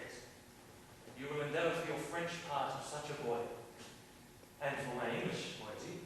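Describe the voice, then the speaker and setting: A man plays a young king in love, bluff and teasing, his bright, fairly high voice leaping up and down as he woos in verse. He is heard from well back across a large theater, the sound washed in long, echoing reverb. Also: distant mic, a little hiss or hum. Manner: teasing, declamatory verse delivery. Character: young English king wooing a French princess, bluff and playful. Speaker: stage actor. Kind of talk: classical stage acting. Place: large indoor theater stage.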